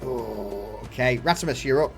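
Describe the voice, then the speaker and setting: A man's voice: medium pitch, soft background music. A man narrating as game master in a tabletop role-playing session, often laughing between lines. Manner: slow, unhurried narration with frequent laughs.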